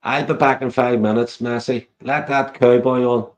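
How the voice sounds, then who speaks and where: A man's voice: medium pitch, fairly even intonation, moderate pace. Crude teasing man, swearing. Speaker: live stream guest. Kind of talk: casual chat.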